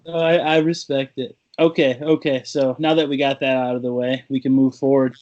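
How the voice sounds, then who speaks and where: A man co-hosts a casual talk show podcast, trading playful insults and trash-talking banter with his partner in casual chat. His mid-range voice shows little pitch movement, at normal speed and a little mellow, in lo-fi sound.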